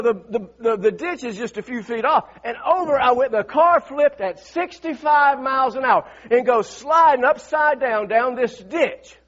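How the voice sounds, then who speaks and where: A man's voice: very high-pitched, lo-fi sound. A middle-aged man preaching a sermon, calling the congregation to say lines back and telling a personal story with rising fervor. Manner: calls on congregation to repeat lines, builds to shouts. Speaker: pastor.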